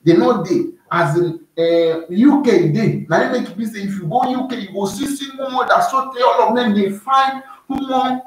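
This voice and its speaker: A man's voice: extremely high pitch, moderate pace, few pauses, distant mic. A man from Nigeria with a Nigerian Pidgin accent, giving casual advice in a preachy, repetitive way that keeps checking the listener is following. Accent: Nigerian Pidgin English. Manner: preachy, repeats himself, keeps asking "you dey hear me". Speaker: YouTube vlogger giving advice. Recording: very echoey room, voice away from the mic.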